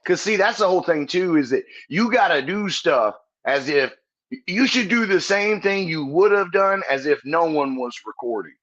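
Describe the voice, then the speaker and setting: A man's voice: fairly high pitch, expressive, normal speed, fairly bright tone, lo-fi sound. A comedian guest on a podcast, a man telling stories in a casual, earnest and profane way, often laughing as he talks. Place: Texas.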